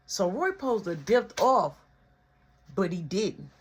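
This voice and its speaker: A man's voice: high-pitched, unhurried, breathy edge. A man telling a funny personal story and acting out each person in it. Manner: animated, acts out every voice. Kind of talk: comedic storytime.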